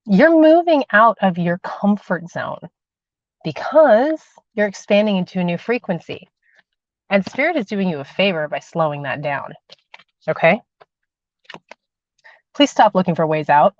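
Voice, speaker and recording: A woman reads tarot on a casual livestream. She speaks to her viewers with affection and emphasis, often saying the same line twice. Her voice comes through dull and lo-fi, with a dry sound that has no room echo. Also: lowish voice. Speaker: spiritual livestream host and tarot reader.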